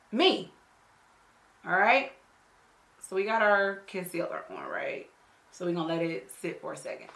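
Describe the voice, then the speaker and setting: Woman beauty vlogger, lowish bright voice, chatty and profane, storytelling over a makeup tutorial. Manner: casual, slangy, profane storytelling; talks straight to the viewer with frequent check-ins. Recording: echoey room.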